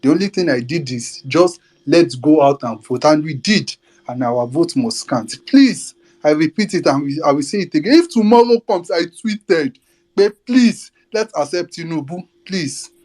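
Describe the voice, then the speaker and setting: Nigerian male caller, high-pitched, defiant political rant, fiery and cursing. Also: expressive, moderate pace, darkish tone. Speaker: caller in a live audio space.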